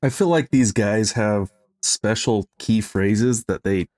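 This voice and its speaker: A man's voice: lowish voice, slow pace, darkish tone. A man co-hosting a podcast, talking casually and hesitantly in a rambling way. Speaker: podcast co-host. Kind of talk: casual chat.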